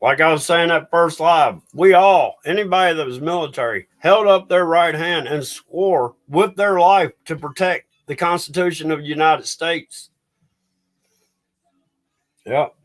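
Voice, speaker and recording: A man with a high voice rants angrily to his viewers on a livestream. He talks in a heated, agitated way and swears often. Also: a little slow. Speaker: livestream host. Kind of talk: angry ranting livestream.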